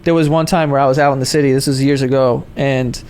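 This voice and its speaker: A podcast host in casual chat, telling a rowdy story, swearing and acting out the other people in it. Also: male voice, mid-range voice, fast talker, clean tone. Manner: animated storyteller, swears freely, acts out voices.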